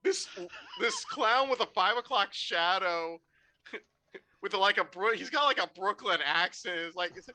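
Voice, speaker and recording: A game master narrating a tabletop game in an animated, laughing, loose way. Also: mid-range voice, unhurried.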